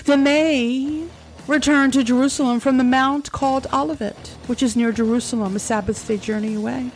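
A woman hosts a commentary video, reading scripture in a fairly high voice and cutting in with sarcastic, exclamatory remarks. faint music sits quietly under her. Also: steady tone, moderate pace.

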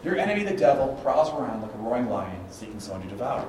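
A middle-aged man preaching a sermon as pastor, telling stories and acting out quotes with big swings from soft to loud. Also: mid-range voice, sing-song, fast, slight background noise. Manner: storytelling preacher, acts out quotes, dynamic swings in volume. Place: church sanctuary. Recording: echoey church hall, mic at a distance.

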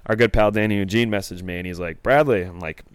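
Fast-talking low-voiced guy on a podcast. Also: steady tone, clear, resonant tone, dry recording, clean studio sound. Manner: rambling, many "uh" fillers. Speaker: podcast co-host. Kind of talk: casual chat.

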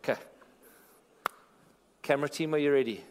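A man preaching a sermon in a church, animated, repeating phrases for emphasis and joking with the congregation. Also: fairly high pitch, normal speed, long reverb tail, slight background noise. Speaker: pastor.

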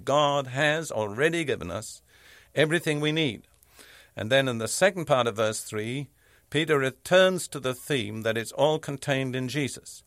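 Man giving a sermon, slow deliberate emphasis, mid pitch, dry sound. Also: fairly bright tone, no room sound. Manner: measured, emphatic teaching with deliberate pauses. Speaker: preacher.

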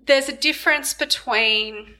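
A woman co-hosting a podcast in casual chat, frank and quick to laugh. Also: sits high, sharp tone, rough recording. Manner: frank, laughs easily, swears in quotes. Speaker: podcast co-host.

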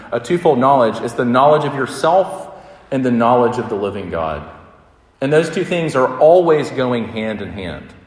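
A man preaching a sermon and leading a prayer, speaking earnestly and conversationally and often repeating phrases. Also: medium pitch. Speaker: pastor. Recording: roomy, echoing hall.

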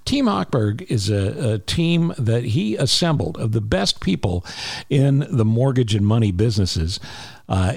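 A lowish, slightly mellow male voice hosts a podcast, delivering an ad and a charity plug conversationally and with emphasis, restating key points. The recording is dry and studio clean.

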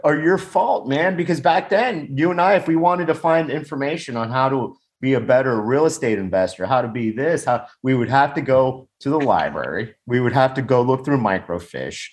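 On a video call from a home or office, a man chats in a casual podcast, blunt and rambling, laughing often and swearing casually. His medium-pitched voice moves at normal speed with few pauses, picked up by a video call microphone.

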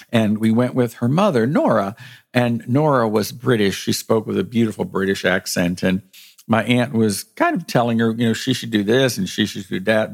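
A middle-aged man, a pastor delivering a podcast sermon in a gentle storytelling manner. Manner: gentle storytelling with lively rises in pitch.

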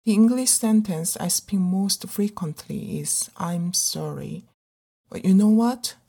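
Slow, breathy middle-aged woman. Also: mid-range voice, warm tone. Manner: earnest, pleading, measured. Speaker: actor. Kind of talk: performed dramatic monologue. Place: living abroad as a migrant in a big city.

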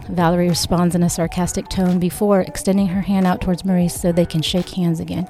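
Mellow-voiced woman reading her novel aloud. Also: lowish voice, flat delivery, brisk, vocal fry, hardly any pauses, faint music behind. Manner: reads every character in a near-natural voice with small lifts for dialogue. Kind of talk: audiobook read-aloud narration.

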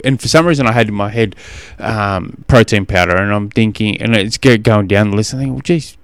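This middle-aged Australian man, a podcast host and coach, speaks fairly quickly in a lowish, clear, resonant voice with no echo. He rambles through stories in casual chat, restarting often, correcting himself and laughing.

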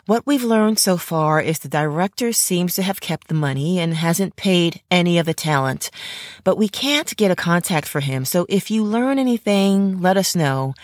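A solemn, kindly agency woman, as a female narrator voices her speaks in a low, reassuring way. The voice sits close to the mic in a dry space, barely apart from the narrator's own. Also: no room sound.

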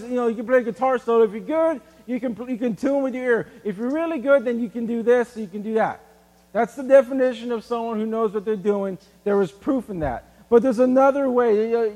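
A man preaching a sermon in a casual, animated way, using everyday examples. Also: extremely high pitch, in a large hall. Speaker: pastor.

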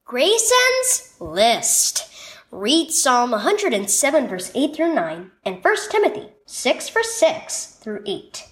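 A woman reading a scripted children's devotional story with expressive storytelling. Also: high-pitched, slow pace. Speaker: devotional narrator.

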